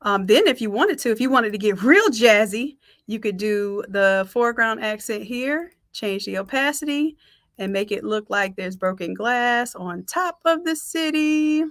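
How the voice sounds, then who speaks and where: A woman's voice: fairly high pitch, animated, a little slow, fairly bright tone, dry recording, clean studio sound. A woman giving a live-streamed design tutorial, chatting with viewers and calling them y'all. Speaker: design instructor.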